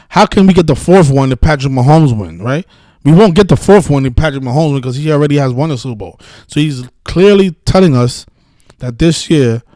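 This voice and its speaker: A man hosts a casual live stream and rants in a heated, profane, rambling way, often restarting his sentences. His voice sits in a middle pitch and sounds dry and close, with no room echo. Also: darkish tone. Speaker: sports betting video host.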